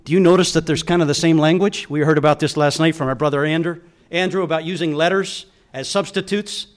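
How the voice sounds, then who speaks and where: A man's voice: fairly high pitch, fairly even intonation, quick pace. A middle-aged man preaching a sermon, telling stories and acting out the people in them with big swings in emphasis. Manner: storytelling with quoted voices and wide swings in emphasis.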